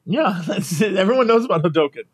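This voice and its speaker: A podcast co-host spins a travel anecdote in a casual, animated way, breaking into laughter and playing the people in it. His voice sits high and swoops all over. He sounds like he is talking into a poor microphone. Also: fast talker, breathy edge. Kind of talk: casual chat, storytelling.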